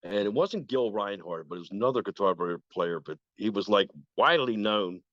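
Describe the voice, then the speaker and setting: Older male guest, lively storyteller, dull dry lo-fi sound. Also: fairly low pitch, a little fast, dry recording. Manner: animated, acts out quoted voices. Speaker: guest guitarist. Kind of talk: casual storytelling.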